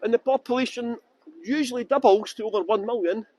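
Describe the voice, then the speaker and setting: A man with a high voice leads a live walking tour through the streets. He talks into a handheld phone, laughs often and chats with viewers as he goes. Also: fairly quick, a little mellow, no echo, low-quality recording. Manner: chatty, jokey, laughs often, answers viewer comments. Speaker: tour guide. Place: outdoors on city streets.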